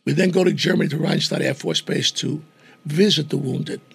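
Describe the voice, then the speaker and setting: A gravelly older man tells a story in an animated way, taking on the voices of the people in it. His voice is strongly raspy and pitched a little high for a man. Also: fairly quick, no room sound. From New York. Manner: animated storyteller who acts out quoted voices. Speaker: guest entertainer. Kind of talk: storytelling in conversation.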